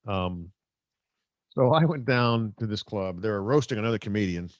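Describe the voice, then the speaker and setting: A middle-aged man with a fairly low, animated voice hosts a live stream at normal speed, chatting casually and reading viewer comments. He rambles and jokes at his own expense, recorded dry on a close microphone.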